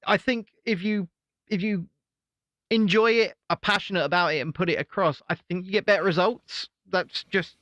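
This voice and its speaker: A man's voice: sits high, normal speed, a bit bright, no room sound, highs cut off. A man from Britain co-hosting a casual comedy chat show, earnest and opinionated with dry quips. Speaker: podcast co-host and YouTuber.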